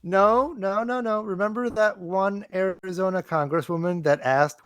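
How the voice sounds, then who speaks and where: A man from Minnesota co-hosts a casual podcast and trades crude, joking comebacks. His voice sits high for a man. The recording is dry and close. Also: moderate pace, a bit bright, smooth, no echo.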